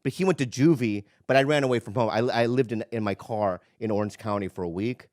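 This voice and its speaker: A man in casual chat, self-mocking and quick to laugh, owning up to his own faults. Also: mid-range voice, darkish tone, no echo, studio quality. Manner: self-mocking, laughs easily, lots of backchannel yeahs. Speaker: podcast co-host.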